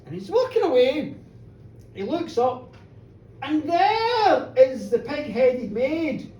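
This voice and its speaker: A woman tells a folk tale live, chatty and playful, her high voice swooping up and down. She is recorded from a distance in an echoey pub with faint noise behind. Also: big pitch swings, slow, warm tone, muffled recording. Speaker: storyteller. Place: pub storytelling show, indoors. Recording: roomy bar, distant mic, faint noise.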